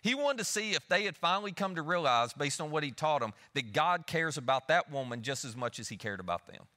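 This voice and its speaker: A man's voice: fairly high pitch, animated, fairly quick, sharp tone. A male pastor preaching a sermon in a church auditorium, talking in a conversational way and putting questions to the audience. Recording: long reverb of a church hall.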